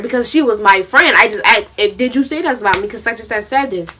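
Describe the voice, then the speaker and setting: A young woman vlogging a storytime, animated and acting out both sides of an argument. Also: fairly high pitch, brisk, hardly any pauses, a little hiss or hum. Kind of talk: storytime vlog.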